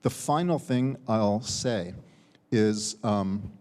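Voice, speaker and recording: Speaking slowly in a fairly low, darkish voice, an American university teacher gives contestants his feedback as a competition judge. He keeps asking "okay?" at the end of phrases and repeats words, and the hall adds a long reverb.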